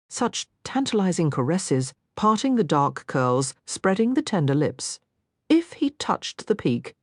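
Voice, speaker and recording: A woman narrating a romance audiobook in an intimate, expressive reading. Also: on the low side, no echo, studio quality. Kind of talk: scripted narration.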